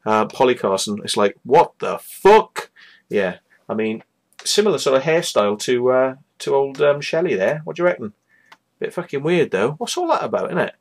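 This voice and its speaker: A man rants on his own show in a scornful, sweary, rambling way. His voice is mid-pitched but very lively, jumping up and down a lot as he sneers. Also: moderate pace. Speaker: host. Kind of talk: casual profane rant.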